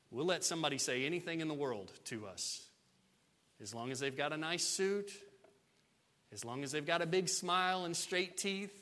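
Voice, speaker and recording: A male pastor preaching a sermon with a bright, fairly high voice. He is emphatic and repeats key lines, asking the congregation rhetorical questions. His voice carries a long hall reverb.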